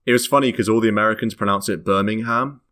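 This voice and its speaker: A man's voice: lowish voice, steady tone, rapid-fire, a bit bright. A British man hosting a casual podcast chat, rambling and correcting himself as he goes. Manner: rambling, self-correcting, laughs often. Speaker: podcast host.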